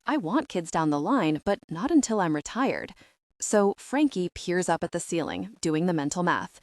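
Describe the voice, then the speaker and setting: A woman reading an audiobook in first-person narration, reflective and even. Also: fairly low pitch, moderate pace, dry recording, clean studio sound.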